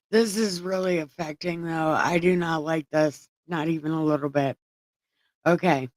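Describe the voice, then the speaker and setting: Woman, casual scripture reading, sarcastic asides, swears freely, unhurried delivery, dry close sound. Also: deep voice, fairly even intonation, a little mellow, dry recording. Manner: irreverent, sarcastic and profane. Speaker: online Bible reader and commentator.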